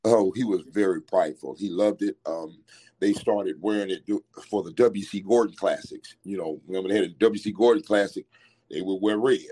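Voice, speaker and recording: A middle-aged man, recalling his late father in an interview, halting and restarting often as he talks fondly. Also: low-pitched, dark tone, breathy edge. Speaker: interviewee, son of the former coach. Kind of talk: reflective interview recollection.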